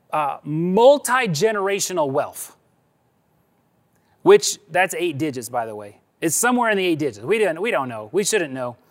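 A male pastor preaching a sermon in a conversational way, stretching key words and dropping low at the ends of phrases.

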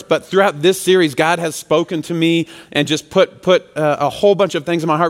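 Joking, talky student pastor in a church. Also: male voice, fairly high pitch, big-room sound. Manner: casual, joking, conversational preaching. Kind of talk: sermon. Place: church sanctuary.

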